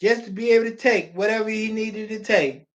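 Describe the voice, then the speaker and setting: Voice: medium pitch, fairly quick. Preacher, mid-range voice, pleading and emphatic, reads scripture, muffled home-video audio. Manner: emphatic, pleading, with repeated phrases and bursts of shouting. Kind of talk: sermon with scripture reading.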